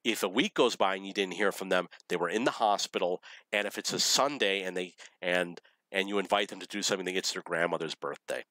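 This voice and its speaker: Man, fairly low voice, bright forceful tone, rambling anecdotes, self-correcting, dry close sound. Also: brisk, dry recording, rough recording. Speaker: storyteller. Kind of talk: casual anecdote telling.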